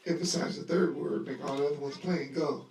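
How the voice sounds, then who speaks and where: A man teaching a Bible lesson to a live audience in a lively sermon style, talking conversationally, acting out scenes, and leading call-and-response. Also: on the high side, fairly quick, very noisy. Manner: conversational, acts out scenes with voices. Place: room at a live gathering. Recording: echoey live room audio, voice distant.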